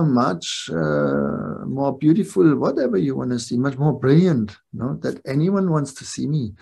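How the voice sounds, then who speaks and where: A man's voice: medium pitch, very animated, normal speed, creaky, hardly any pauses, mellow, husky. An older man giving a reflective spiritual talk to a live group, often checking in with his listeners. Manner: reflective, keeps checking in with "yeah?" and "no?". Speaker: spiritual teacher.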